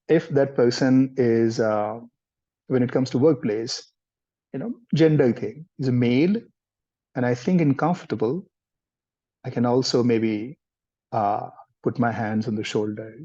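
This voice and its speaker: Man, counseling trainer; gentle, explanatory delivery, warm husky tone. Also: medium pitch, unhurried, pauses often. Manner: gentle, explanatory, mixes in Hindi words. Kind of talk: explaining in a live workshop. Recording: dull lo-fi sound.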